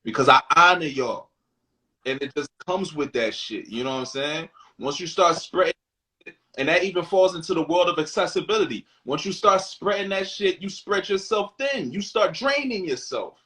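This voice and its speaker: A man's voice: a little high, animated, normal speed, pushed and bright, poor audio. A man co-hosting a candid talk show, speaking bluntly and emphatically, swearing freely and reading out viewer questions. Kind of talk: candid casual chat.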